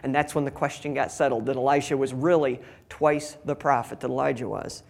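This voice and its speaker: A man's voice: medium pitch, steady tone, fairly quick, creaky. A man reading a Bible passage aloud and explaining it in a casual, conversational way, acting out the quoted lines in different voices. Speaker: Bible teacher. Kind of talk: scripture reading with casual commentary.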